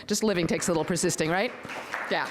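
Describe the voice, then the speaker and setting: A woman's voice: lowish voice, fast, crowd noise, noisy background. A woman, a local official, hosts a public event as master of ceremonies, chatting informally with asides and fillers before reading a proclamation. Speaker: county board member, master of ceremonies. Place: public event room with an audience.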